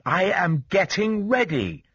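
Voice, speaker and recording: A man's voice: high voice, sing-song, slow, fairly bright tone, slightly rough, dry recording, pitched above the performer's own voice, heavily acted. A man reading an audiobook, voicing a young man turned into an insect, speaking with a strained, whining voice. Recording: dull dry studio sound.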